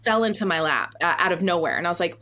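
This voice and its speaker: Woman guest, chatty and animated, slightly low voice, acts out quotes. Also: fast. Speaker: Broadway actress, guest. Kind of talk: casual interview chat.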